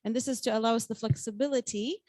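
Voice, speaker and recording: Cheery woman presenter, kinda high voice, dry close sound. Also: fairly even intonation, quick pace, no echo. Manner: bright, welcoming. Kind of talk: presentation speech.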